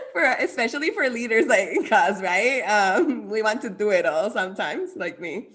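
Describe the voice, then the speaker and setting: A woman with a bright voice hosts a casual interview. Her pitch moves around a lot, and she sounds upbeat and laughs easily. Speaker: interview host. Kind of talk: casual conversation.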